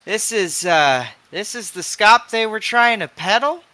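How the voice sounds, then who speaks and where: A man voicing a gruff shady fixer. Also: mid-range voice, lively intonation, a little slow, bright, forceful tone, dry recording. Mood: scornful. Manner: crude, bargaining, gruff.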